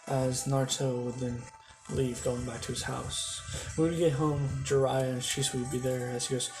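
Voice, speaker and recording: A man's voice: medium pitch, flat delivery, normal speed, poor audio. A man casually telling a fan-made story, rambling with many restarts. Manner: rambling, full of fillers and restarts. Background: music.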